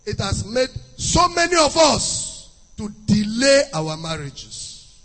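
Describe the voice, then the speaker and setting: High-voiced preacher, husky. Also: male voice, lively intonation, slow pace, fairly bright tone. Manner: emphatic, sing-song preaching with repetitions. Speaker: pastor. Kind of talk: sermon. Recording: long hall reverb with faint music.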